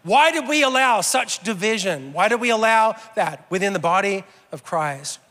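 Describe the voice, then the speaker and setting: A man's voice: high voice, lively intonation, moderate pace, sharp tone, in a large hall. A man preaching a sermon as pastor, conversational with a self-deprecating sense of humor.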